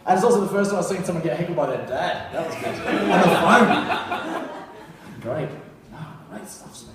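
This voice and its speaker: A man hosting an open mic, hyping up the act with sweary, excited praise on a club stage. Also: on the high side, normal speed, very noisy. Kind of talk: emcee banter. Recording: echoey club heard from far off.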